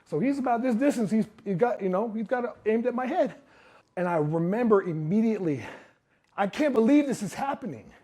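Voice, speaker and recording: A man giving a motivational talk to a live audience, telling his story in an animated way and acting out what others said. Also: high voice, a little fast, slightly rough. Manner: animated storyteller who acts out quotes. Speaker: speaker.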